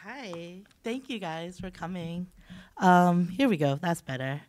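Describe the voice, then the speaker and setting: A woman's voice: fairly low pitch, lively intonation, takes it slowly, noisy background. A woman, a novelist, reading from her work in progress at an event while she has a cold, hesitant when she talks off the page. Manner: hesitant, filler-laden when speaking off the page. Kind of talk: literary reading aloud. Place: event hall.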